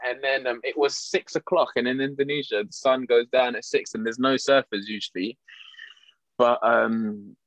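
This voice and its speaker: A man telling a story in casual chat, animated, laughing often and restarting his sentences. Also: medium pitch, normal speed, dry recording.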